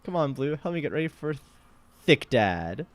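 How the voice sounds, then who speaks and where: A man's voice: a little high, big pitch swings, moderate pace, dry recording. A man casually playing a video game with a friend, laughing often and reading game text aloud. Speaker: game streamer.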